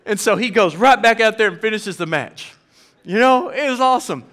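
Man, pastor, Southern accent, church sermon, lively storytelling, forceful tone. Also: sits high, brisk. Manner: animated storyteller, acts out quotes. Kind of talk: sermon with personal stories.

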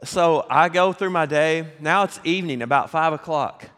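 A middle-aged man with a Southern American accent, a pastor telling a folksy, animated story with laughs during a sermon. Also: on the high side, moderate pace. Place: large church sanctuary. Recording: long hall reverb.

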